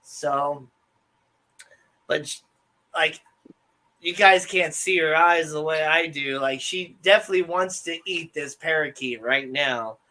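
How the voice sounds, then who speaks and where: A young man with a higher voice co-hosts a livestream, telling rambling, laid-back stories stuffed with fillers. He talks a little slowly and pauses often.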